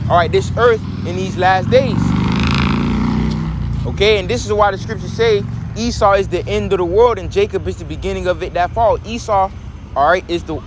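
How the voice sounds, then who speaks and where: A man teaching from scripture in a preaching style. He reads verses slowly and then explains them, checking in with "okay?" and "all right?" along the way. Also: sits high, background noise. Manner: emphatic, preachy.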